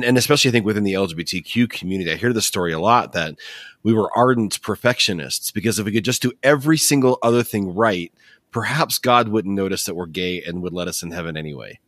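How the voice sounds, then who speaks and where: A man's voice: sits low, fairly bright tone, no room sound, studio quality. A man hosting a conversation, speaking in a reflective, casual way. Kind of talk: conversational interview.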